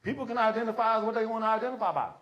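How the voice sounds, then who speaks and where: A man doing stand-up comedy, telling an animated, profane story and acting out the voices of others. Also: sits high, racing, lo-fi sound, a little hiss or hum. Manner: profane, slangy. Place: comedy stage before a live audience.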